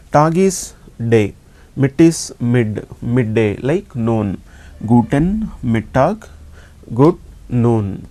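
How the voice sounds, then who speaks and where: A man from India with an Indian English accent, teaching a slow classroom lesson and patiently repeating each sound. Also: mid-range voice, expressive, mellow. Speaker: language teacher.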